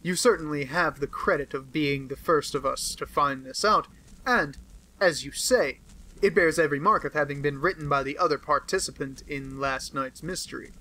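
A man's voice: a little high, moderate pace, pushed and bright, rough recording. A man voicing a keen, probing detective. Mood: polite. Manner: probing, pressing questions. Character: sharp, probing, amused male consulting detective. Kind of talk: audiobook character voice.

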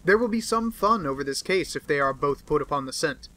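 A man voicing an aloof, brusque male detective in an audiobook, speaking in a crisp, lecturing manner. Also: on the high side, lively intonation, brisk, pushed and bright, poor audio. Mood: offhand. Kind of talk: audiobook character reading.

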